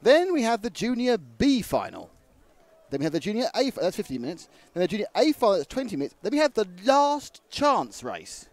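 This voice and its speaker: Lively, joking male race commentator. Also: sits high, brisk. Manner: jokey, chatty, lively. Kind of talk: live broadcast banter.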